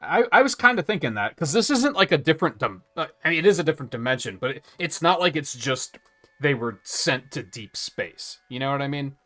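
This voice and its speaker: A man's voice: fairly high pitch, big pitch swings, fairly quick, pushed and bright. A man streaming a video game, chatting casually in a rambling way, with restarts and casual swearing. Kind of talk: casual let's-play commentary.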